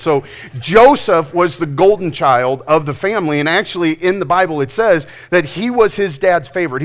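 A man preaching a casual, joking sermon in a conversational, self-deprecating way. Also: fairly high pitch. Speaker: pastor.

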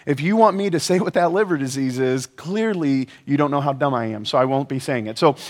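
Male pastor with a high voice, energetic and playful, talks straight to the audience. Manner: energetic, joking, asks the audience questions. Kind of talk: sermon.

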